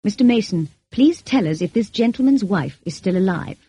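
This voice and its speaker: A woman's voice: medium pitch, animated, moderate pace, dark tone, husky. A woman reading as a grave formal priest. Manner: solemn, formal. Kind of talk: audiobook reading.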